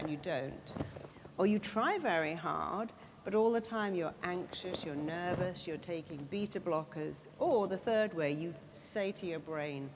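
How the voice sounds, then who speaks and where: A woman's voice: fairly low pitch, normal speed. Woman speaking in a big hall. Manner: animated, acts out quoted inner voices. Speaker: motivational speaker. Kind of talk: motivational talk to a live audience. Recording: reverberant hall, faint background noise.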